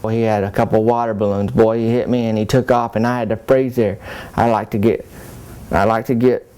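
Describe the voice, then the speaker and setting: A man's voice: fairly low pitch, little pitch movement, fairly quick, warm tone, smooth. A man telling a rambling small-town story in folksy country talk. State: soaked and cold. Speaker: comedic character monologue.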